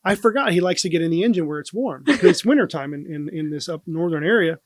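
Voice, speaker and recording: A man's voice: on the high side, fast, no room sound, clean studio sound. A man, the host's brother, telling a police story in casual talk and laughing as he goes. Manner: animated, laughs while telling. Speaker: guest, former police officer.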